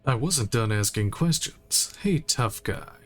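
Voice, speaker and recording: A man streams a game and reads its dialogue and text aloud with a relaxed delivery. He speaks slowly into a streaming mic and drops in casual asides between the lines. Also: mid-range voice. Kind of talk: reading game text aloud while playing.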